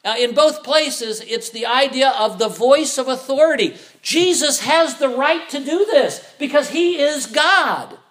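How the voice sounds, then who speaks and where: A man's voice: very high-pitched, lively intonation, measured pace, few pauses, fairly bright tone. A middle-aged man preaching a sermon, asking rhetorical questions and acting out the voices of the people he quotes. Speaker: pastor.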